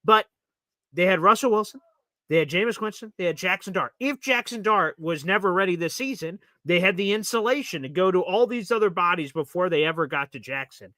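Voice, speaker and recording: A man's voice: sits high, expressive, fairly quick, pushed and bright, no echo. A man co-hosting a sports podcast, talking casually and animatedly, acting out quotes in a raised voice. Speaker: podcast co-host.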